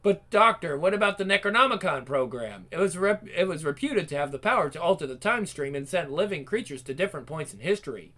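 A man's voice: on the high side, expressive, quick pace, few pauses, pushed and bright. A man doing a fussy know-it-all little robot. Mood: pedantic. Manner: pedantic, reciting definitions.

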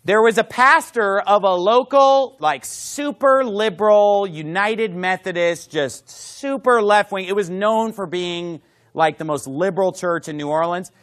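A man's voice: sits high, unhurried, a bit bright. A man preaching a sermon, emphatic, with conversational asides to the congregation. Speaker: pastor.

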